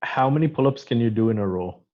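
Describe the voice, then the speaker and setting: A man hosting a casual interview, reading off quick questions and hesitating often between phrases. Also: mid-range voice, animated, dull audio. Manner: hesitant, many fillers and restarts. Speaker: interview host.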